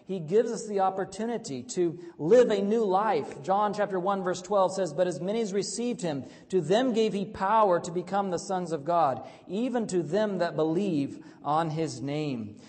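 A fairly high-voiced man preaching to a gathering at tables. He drops to a soft, intimate tone, then rises to loud, emphatic calls, and puts questions to the room. A long reverb trails his words through the hall. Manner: swings from quiet and intimate to loud and emphatic, asks the audience questions. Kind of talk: evangelistic sermon.

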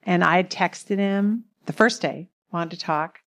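A woman's voice: on the low side, a little slow, a bit bright. A middle-aged woman telling a personal marriage story in a chatty way, laughing often. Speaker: co-host speaking about marriage. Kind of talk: casual storytelling talk.

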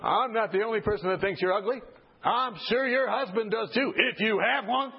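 A man's voice: sits high, normal speed, husky, highs cut off, full character voice. A man putting on a taunting hostile male patient. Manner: taunting, cruel.

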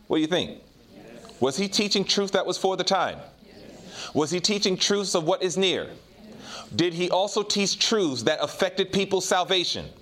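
A man preaching a sermon, swinging from raised exhortation to low, quiet storytelling. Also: expressive, normal speed. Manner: preaches in rising and falling swells, drops low and quiet for personal stories.

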